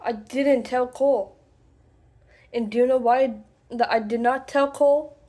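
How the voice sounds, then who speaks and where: Slow, halting woman with a raised voice. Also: a little high, fairly even intonation, mellow. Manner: slow, halting, deliberate with frequent pauses and restarts. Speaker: vlogger. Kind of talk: personal confession to camera.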